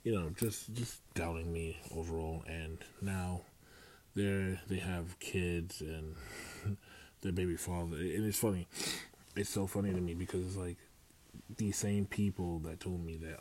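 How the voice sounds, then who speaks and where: A man's voice: low voice, steady tone, measured pace, warm tone, slight background noise. A young man rambling through a casual solo podcast, with many fillers and restarts. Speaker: podcast host.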